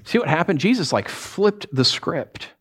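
A man preaching a sermon as pastor, conversational and animated, with many fillers and restarts and wry asides. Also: on the high side, unhurried, breathy edge. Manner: swings into acted quotes and wry humor.

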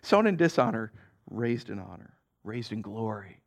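A man's voice: on the low side, big pitch swings, normal speed, gravelly. A man, a pastor, giving a casual, conversational sermon to a congregation. He chuckles often and keeps checking in with "right?".

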